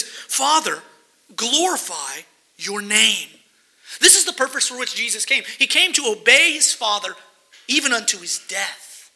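A man's voice: sits high, creaky, bright, forceful tone, rough recording. A man preaching a sermon, reading scripture verses aloud and explaining them with emphasis. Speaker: pastor.

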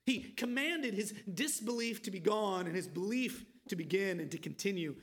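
A man's voice: sits high, animated, moderate pace, hardly any pauses, a bit bright. A man preaching an expository sermon, earnest and pleading, asking his listeners questions.

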